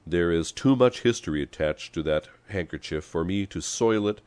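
A man voicing a soft-spoken, dignified little man who speaks formally in a storybook reading. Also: deep voice, animated, clean tone, dry recording. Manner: quiet, measured, formal.

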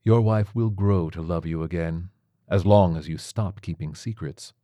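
A man voicing a large male tiger surgeon who speaks in a soft, measured, clinical way, in a spoken storybook. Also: low voice, no room sound, clean studio sound, natural voice. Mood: calm. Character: calm male tiger surgeon, large, gently matter-of-fact.

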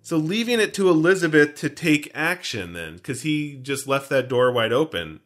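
A man's voice: a little high, lively intonation, moderate pace, fairly bright tone. Joking, rambling male podcast host. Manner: joking, rambling, throws in pop-culture references. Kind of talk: casual chat.

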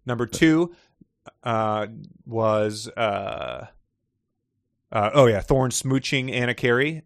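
A man's voice: medium pitch, slow, gravelly, no room sound, studio quality. A man hosting a casual podcast chat, reading passages aloud with expression and laughing often. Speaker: podcast host reading excerpts.

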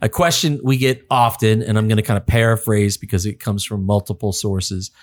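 A man's voice: on the low side, fairly even intonation, brisk. A man co-hosting a podcast, chatting casually in a laid-back way and laughing often. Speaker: podcast co-host.

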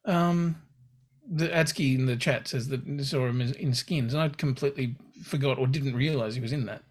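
A man co-hosting a casual live-streamed podcast chat, swearing freely and chatting in an animated way. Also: medium pitch, moderate pace. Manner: sweary, animated, slips into mock voices. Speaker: podcast co-host.

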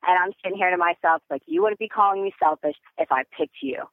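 A young woman on a phone call as a podcast guest, talking in an excitable, rambling way with many fillers. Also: lowish voice, fast, very noisy. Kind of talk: phone interview. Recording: tinny phone line.

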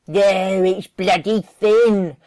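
A woman storyteller voices a pinched, resentful wife from a folktale who snaps and grumbles her lines loudly. She drags her words out slowly, sour and spiteful. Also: medium pitch, fairly even intonation. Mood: grumbling. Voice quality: grumbling, loud and snappish. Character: bitter, scowling, miserly old village wife.

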